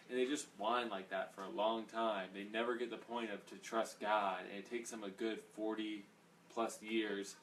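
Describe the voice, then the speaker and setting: A man's voice: fairly low pitch, level tone, normal speed, fairly bright tone, recorded from a distance. A man leading a casual Bible study, rambling and conversational, with plenty of fillers. He sits a little away from the mic, and faint noise hangs in the background.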